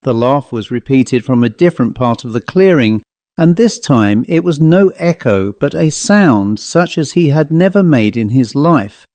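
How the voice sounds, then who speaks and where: Man, ghost story audiobook narration, measured delivery, mellow voice, dry close recording. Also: medium pitch, lively intonation, no echo.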